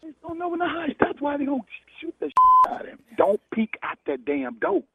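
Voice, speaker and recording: A man's voice: very high voice, wildly swooping pitch, brisk, gravelly, dry recording. A man on a phone call, agitated and whispering, then laughing it off. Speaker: prank call target. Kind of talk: phone conversation.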